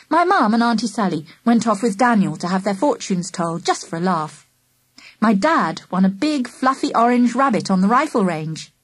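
A woman narrating a children's audiobook in the first person with a lively, expressive reading. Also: on the high side, husky, no room sound.

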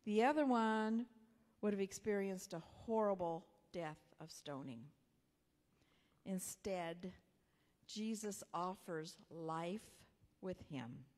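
A woman pastor, telling a personal story in a sermon in a conversational way, sometimes dropping to a soft whisper. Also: mid-range voice, slow. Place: church sanctuary. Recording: long hall reverb.

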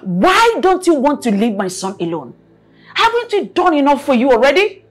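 A woman's voice: high-pitched, very animated, moderate pace, faint music behind. An actress with a Nigerian accent playing a stern, middle-aged wealthy mother who scolds the former maid in her house. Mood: reproachful. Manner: scolding, imperious. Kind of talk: Nollywood film acting.

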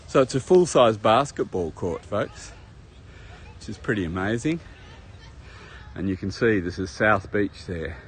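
A man's voice: fairly low pitch, animated, unhurried, long pauses, slight background noise. A man rambling through a casual walking tour of a beach park, talking to viewers as he goes. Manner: chatty, rambling, addresses viewers as folks. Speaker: travel vlogger. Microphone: handheld camera while walking.

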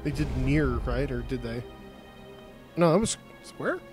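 A man's voice: mid-range voice, lively intonation, unhurried, music in the background. A man giving sardonic, profane commentary while playing a video game. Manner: sardonic, profane, mumbling asides. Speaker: gameplay streamer. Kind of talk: casual gameplay commentary.

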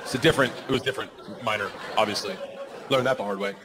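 A man doing loud, animated stand-up storytelling on a comedy club stage. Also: lowish voice, quick pace, a loud crowd. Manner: loud, animated, bursts into shouting. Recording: noisy live comedy club recording.

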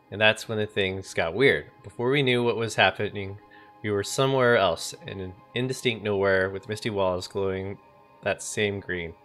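Low-voiced man reading a game story. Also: a bit bright. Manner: narrates with casual asides. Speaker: game streamer.

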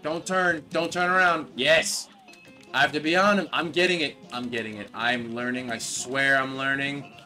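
A young man giving live commentary as he plays a video game, frustrated, yelling at the boss and rambling in jokes. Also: medium pitch, steady tone, normal speed, soft background music. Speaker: gamer playing a video game.

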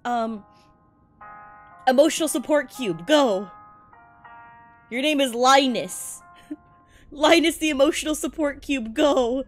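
A woman with a high voice does live gameplay commentary while streaming, talking slowly with long pauses over faint music. She's excitable and jokey, laughs a lot, and gets spooked into yelps easily.

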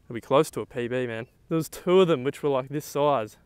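A young man talking outdoors on the water while fishing, exclaiming excitedly to the camera. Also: mid-range voice, fairly quick, clean tone, dry recording. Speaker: fishing vlogger.

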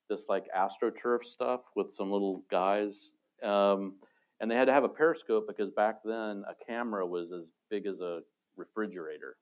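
A very deep-voiced middle-aged man talks through his career as a guest on a live panel, relaxed and storytelling, with wry asides. The sound is dull and muffled, like a lo-fi livestream. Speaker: retired space robotics engineer, guest. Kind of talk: casual panel talk.

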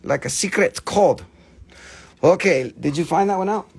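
High-voiced man giving a joking sales pitch. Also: husky. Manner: teasing, playful, swears freely, quick bargain patter; non-native English phrasing. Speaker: live-stream seller of rocks and amber.

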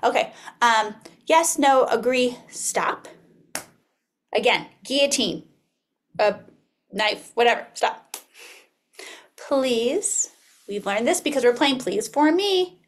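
A woman's voice: fairly high pitch, slow, pauses often. A woman in her thirties presenting an early childhood webinar, acting out classroom dialogue as she teaches. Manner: animated, acts out classroom dialogue.

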